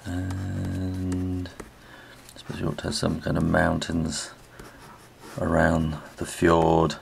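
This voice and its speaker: A low-voiced British man with a gravelly edge talks through a drawing lesson in a loose, chatty way, trailing off mid-phrase as he works. He sounds middle-aged, and a faint hiss sits under the recording. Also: monotone, slow. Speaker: illustrator teaching drawing. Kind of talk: relaxed spoken drawing tutorial.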